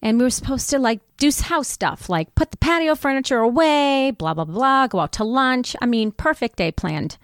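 A middle-aged woman telling a personal story in a conversation, candid and animated, acting out what people said. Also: sits high, moderate pace, hardly any pauses, no echo, clean studio sound. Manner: candid, animated retelling with voiced quotes. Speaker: guest.

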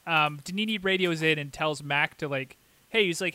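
A man with a fairly high, bright, forceful and smooth voice co-hosts a podcast at a moderate pace. He casually recaps an episode with chatty play-by-play, briefly mimicking the characters' lines.

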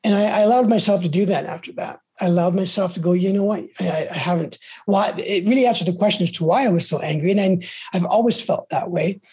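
A woman's voice: mid-range voice, fast, hardly any pauses, a little mellow, husky. A woman hosting a candid conversation about recovery, telling stories frankly and rambling with many restarts.

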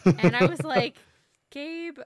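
A woman co-hosting a casual podcast chat about a TV show, animated and acting out lines from it. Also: a little high, moderate pace, a crowd in the background. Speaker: podcast co-host.

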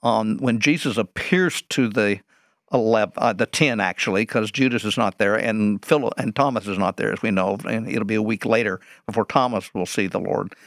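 A man's voice: on the low side, normal speed, no room sound, studio quality. A man, a Bible teacher, explaining scripture in an interview, posing rhetorical questions and answering them.

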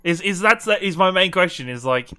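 Man, podcast co-host, incredulous sweary rant, lively swooping pitch, bright tone. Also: fairly quick, clear, resonant tone. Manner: animated, swears freely, rants with incredulous questions. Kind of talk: casual pop-culture chat.

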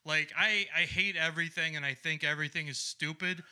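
A young man from Ohio doing a stand-up comedy set, crude and sardonic, launching into loud ranting bits. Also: a little high, steady tone, brisk, clean tone.

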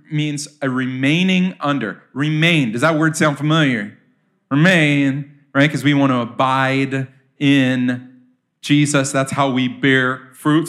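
A man's voice: medium pitch, fairly bright tone. A man preaching to a congregation in a church. He talks casually and often turns questions back to his listeners. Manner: conversational, asks the audience questions. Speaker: pastor. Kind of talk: sermon.

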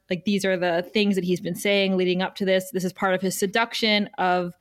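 A woman's voice: mid-range voice, moderate pace, few pauses. A woman hosting a podcast, chatting casually through an episode recap and laughing often. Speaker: podcast host.

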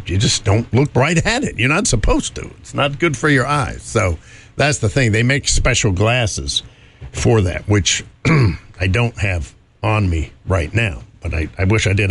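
A man's voice: medium pitch, fairly bright tone. A man hosting a morning show, chatting casually and rambling with fillers and chuckles. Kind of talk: casual radio chat.

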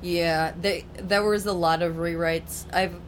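A woman's voice: lowish voice, steady tone, measured pace, slight background noise. A woman co-hosting a podcast in casual chat, rambling through a plot summary with lots of "like" and "um". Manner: rambling, many fillers like "like" and "um". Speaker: podcast co-host.

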